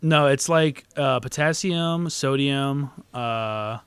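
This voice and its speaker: A man's voice: medium pitch, slow, clean tone, dry recording. A young man co-hosting a podcast, chatting casually with lots of ums and self-corrections. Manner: animated, hesitant, quizzing. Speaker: podcast co-host. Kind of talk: casual chat.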